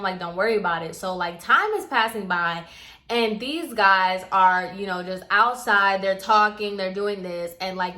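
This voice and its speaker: A young woman telling a story in a casual, chatty way, filling it with "like" and acting it out. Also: medium pitch. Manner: chatty, says "like" constantly, animated retelling. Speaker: vlogger.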